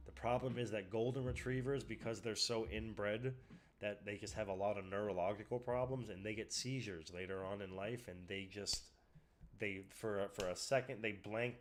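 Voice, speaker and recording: A man with a lowish voice chats casually as a streamer, rambling and emotional. He swears a lot and is close to tears, with slight background noise.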